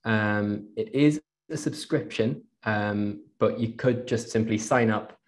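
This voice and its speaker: Geordie guy talking to a zoom crowd, lots of ums, slightly low voice, laptop mic. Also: takes it slowly. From England. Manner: chatty, greets the chat with fillers. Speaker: presenter. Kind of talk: live online talk.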